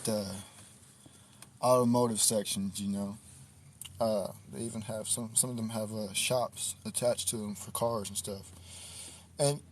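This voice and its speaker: A man's voice: medium pitch, a little hiss or hum. Laid-back man talking outdoors at night. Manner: laid-back, reflective, drawn-out talk. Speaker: livestream host. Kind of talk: casual livestream monologue.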